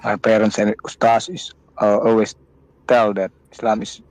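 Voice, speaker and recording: A man calling in to a debate show, speaking haltingly with many stammers and fillers. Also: lowish voice, little pitch movement, a little mellow, no echo, low-quality recording. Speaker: caller. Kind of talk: hesitant call-in chat.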